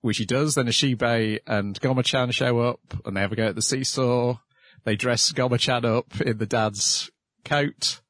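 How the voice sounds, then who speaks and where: Man, casual recap, steady retelling, dry close sound, mid pitch. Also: normal speed, no echo. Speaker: podcast co-host. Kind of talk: casual chat recapping an anime episode.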